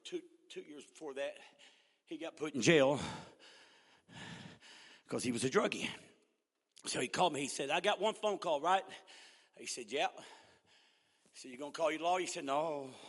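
A man in his sixties preaching a sermon in a church, laughing often and shouting in call-and-response with the congregation. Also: a little high, in a large hall. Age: 60s.

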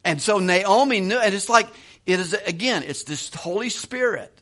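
A middle-aged man preaching a sermon in a relaxed, conversational way, chuckling now and then and often repeating words as he goes. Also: sits high, normal speed. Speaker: pastor.

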